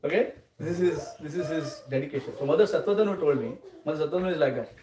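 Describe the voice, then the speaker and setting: A man giving a scripture class, often checking in with listeners with a quick "huh?" or "okay?". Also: on the high side. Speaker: lecturer. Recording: roomy, distant mic, faint noise.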